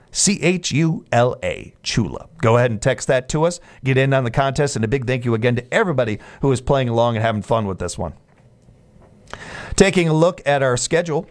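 A man, hosting a sports radio show in a chatty, casual way with jokey asides and frequent restarts. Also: mid-range voice.

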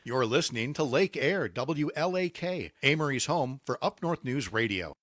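A man's voice: mid-range voice, expressive, moderate pace, fairly bright tone, no echo, studio quality. A man in his fifties hosting a radio morning show, chatting casually and joking with fillers. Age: 50s. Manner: chatty, jokey, loose with fillers.

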